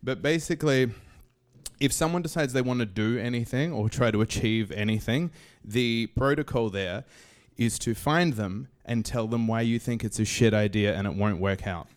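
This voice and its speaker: Young Aussie man, stand-up storyteller, dry close sound, animated. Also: mid-range voice, normal speed, dry recording. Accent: Australian. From Australia. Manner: comic, animated storytelling with voices. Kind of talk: live stage storytelling. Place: stage in a small venue.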